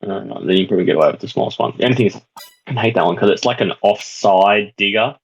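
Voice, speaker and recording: A man's voice: fairly low pitch, rapid-fire, gravelly, dull audio. A man chatting casually while playing a farming game, rambling and hedging as he talks. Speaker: roleplay player. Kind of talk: casual gaming chat.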